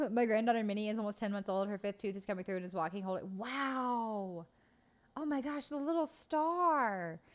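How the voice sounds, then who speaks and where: Reading live comments as she chats casually, this livestream host is bubbly, laughs a lot, and swears freely. She has a mid-range voice and speaks at a normal speed.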